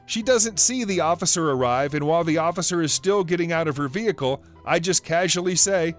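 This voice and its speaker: A man reads a scripted first-person story in a somewhat high voice, with a wry, amused, dryly sarcastic edge. Faint music runs underneath. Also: a little fast, hardly any pauses. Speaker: story narrator.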